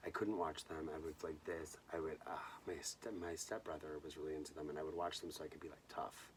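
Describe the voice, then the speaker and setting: A young man from Southern California hosting a bedtime movie vlog, telling a personal story in a soft, hushed way that often drops to a whisper. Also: a bass voice, flat delivery, a little fast, few pauses, recorded from a distance, slight background noise. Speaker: host.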